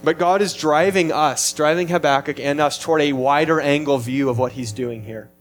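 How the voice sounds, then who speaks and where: Man, pastor, sermon, earnest, emphatic, slightly high voice, faint background music. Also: moderate pace. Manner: earnest, emphatic preaching with frequent restarts.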